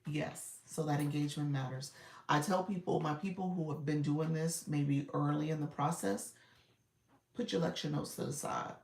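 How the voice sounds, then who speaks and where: A woman live-stream coach chatting casually with viewers, greeting them by name between quick asides. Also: low voice, darkish tone, roomy sound, far from the mic.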